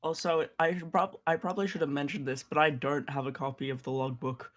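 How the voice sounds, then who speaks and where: A man chatting casually about game lore as a guest, quick to joke. His voice sits a little high for a man. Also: fairly even intonation, crowd noise. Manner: joking, drops into silly impressions.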